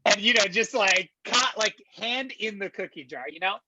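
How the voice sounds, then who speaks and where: A man in his twenties, a podcast guest, telling a story casually in a slangy, animated way and swearing freely. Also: high voice, normal speed, very noisy.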